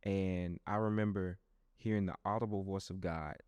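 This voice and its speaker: A young adult man hosting a podcast and telling a personal testimony in a loose, animated, conversational way, often speaking straight to his listeners. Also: low-pitched, moderate pace, clean tone, no room sound, highs cut off. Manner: animated storyteller who talks straight to listeners; loose and conversational, with frequent restarts. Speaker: podcast host.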